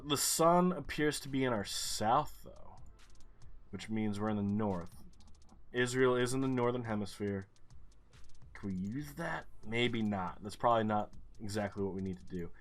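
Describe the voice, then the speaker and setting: A man commentating his own gameplay, thinking aloud, swearing and getting frustrated. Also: medium pitch.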